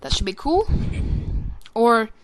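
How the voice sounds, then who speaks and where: A woman's voice: a little high, very animated, slow pace, crowd noise. Tired, rambling woman commentating a game trailer. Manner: rambling, many ums, self-correcting. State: tired, sleepy. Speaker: gaming commentator.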